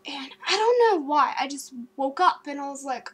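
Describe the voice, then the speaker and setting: Give me a high-voiced young woman telling a story to her webcam. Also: brisk, hardly any pauses. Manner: animated, jumpy storytelling with sudden gasps and loud outbursts; filler-heavy, with many likes and ums. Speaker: vlogger. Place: her bedroom at home.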